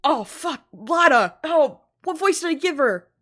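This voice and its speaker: A woman's voice: sits high, animated, unhurried, bright, forceful tone, a little hiss or hum. A woman streamer giving casual let's-play commentary, offhand and prone to swearing.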